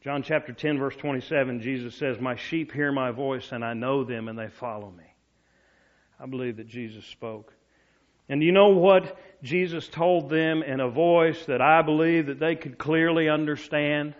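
Storytelling preacher, dull lo-fi sound. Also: male voice, fairly even intonation, moderate pace. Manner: storytelling, drops to a soft low voice for quoted words. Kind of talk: sermon.

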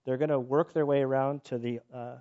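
A male pastor delivers his sermon in an easygoing, lively way, often breaking off and restarting his sentences. He jokes about himself, and his voice sits at an ordinary middle pitch. The recording sounds slightly dull and lo-fi. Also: fairly quick. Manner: casual, animated, self-deprecating jokes, many restarts.

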